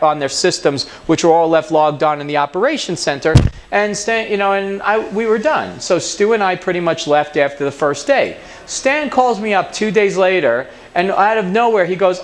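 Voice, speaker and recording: A man's voice: high-pitched, slight background noise. A man giving a conference talk, telling an anecdote and mimicking the people in it. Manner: animated storyteller, mimics other people's voices in anecdotes. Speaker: conference speaker. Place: conference hall.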